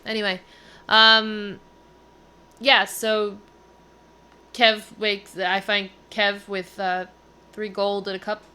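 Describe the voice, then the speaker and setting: A woman talking through her character's moves in a tabletop game, unhurried and drawn out. Her voice is bright and forward, and she takes her time over each phrase. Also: medium pitch, little pitch movement, smooth. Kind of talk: casual chat.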